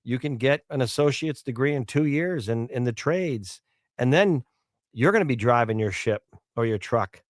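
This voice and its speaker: A man's voice: medium pitch, normal speed, no echo. Talkative male radio host, dry mic. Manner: conversational, rambling with fillers and repeats. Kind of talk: talk radio commentary.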